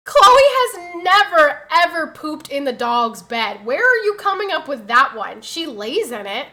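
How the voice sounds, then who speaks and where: Chatty, bright-voiced woman streamer. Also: sits high, sing-song, moderate pace. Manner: chatty, exasperated storytelling, reads chat aloud. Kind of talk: casual livestream chat.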